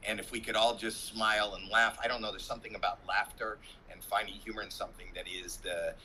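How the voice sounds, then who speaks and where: A man on a video-call panel, telling a candid personal story in an animated way. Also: on the low side, fast talker, a little hiss or hum, low-quality recording. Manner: animated storyteller, acts out swearing quotes. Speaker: comedian panelist.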